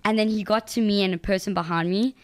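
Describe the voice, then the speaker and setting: A woman's voice: mid-range voice, steady tone, quick pace. A woman with a South African accent in casual chat, blunt and exclamatory.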